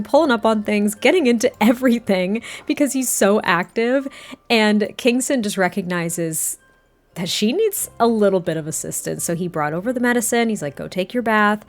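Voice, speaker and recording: A woman casually narrating a life-sim game story, chatting to her viewers with lots of fillers. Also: mid-range voice. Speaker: Sims story let's-player.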